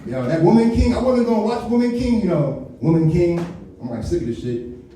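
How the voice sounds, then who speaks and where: A male stand-up comedian, very animated and a little fast, works a club stage in a live set, swearing freely, using slang and slipping into mock impressions as he riffs. His voice sits a little high with a mellow, dark tone. He's picked up from a distance in a big echoing venue, with a little hiss or hum.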